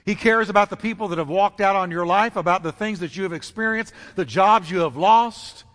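A man preaching a sermon as pastor, emphatic and dramatic, repeating phrases and swinging his pitch for effect. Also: fairly quick, fairly bright tone. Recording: long reverb of a large hall.

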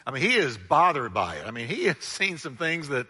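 A male pastor preaching a sermon with animated delivery, drawing the congregation into call-and-response. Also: fairly high pitch, a little fast, husky, in a large hall.

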